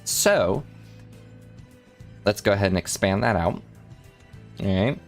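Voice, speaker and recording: This is a young man livestreaming his math study session. His voice sits low and still carries some morning roughness. Soft music plays faintly behind him while he rambles, second-guesses himself and chats with his viewers between steps. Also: animated, slow pace. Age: young adult. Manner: rambling, self-correcting, chatty with chat readers. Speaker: vtuber math streamer. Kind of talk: casual study livestream, working through math.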